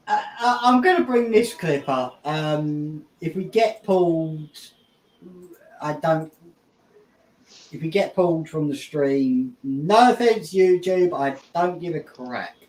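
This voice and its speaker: A man's voice: a little high, lively intonation, slow, pauses often, a little mellow. A man hosting a casual podcast chat, laid-back and rambling with chuckles. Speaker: podcast host. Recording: roomy echo.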